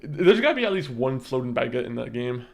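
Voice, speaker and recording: A man's voice: mid-range voice, very animated, a little fast, gravelly. A young man chatting casually with viewers on a live stream, rambling and often stammering and repeating words.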